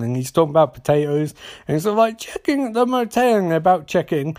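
A man's voice: on the high side, fast, darkish tone. A man hosting a podcast, recapping in a casual comedic way, rambling with stammered restarts and swearing. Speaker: podcast host.

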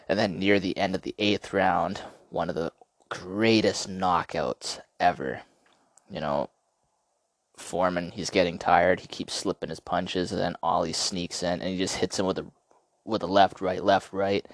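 A man hosting a podcast, telling stories in a rambling, profane, excitable way. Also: deep voice, no room sound. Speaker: podcast host. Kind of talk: casual podcast storytelling.

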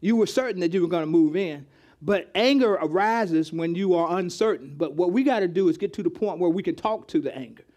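Pastor, male, high-pitched, interactive teaching sermon, chatty and repetitive. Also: expressive, fairly quick, a little mellow. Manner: conversational, calls on the congregation, repeats words. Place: church hall with congregation.

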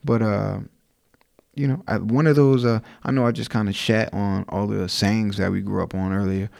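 A man's voice: lowish voice, steady tone, moderate pace, gravelly, a little mellow. A man from Newark, New Jersey, a podcast guest talking reflectively in casual chat. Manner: reflective, many fillers and restarts.

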